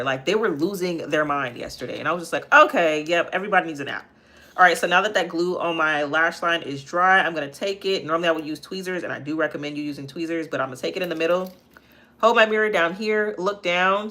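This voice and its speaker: A woman's voice: low-pitched, bright, forceful tone. A young woman hosting a live makeup tutorial at home, chatting casually and answering viewer comments as she works. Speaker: makeup vlogger and livestream host. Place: home, near a kitchen.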